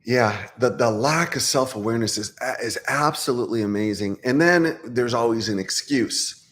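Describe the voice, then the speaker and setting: A man's voice: mid-range voice, moderate pace, a bit bright. A man, a life coach, talking straight to camera in a blunt, opinionated way with many restarts. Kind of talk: casual talking-head monologue.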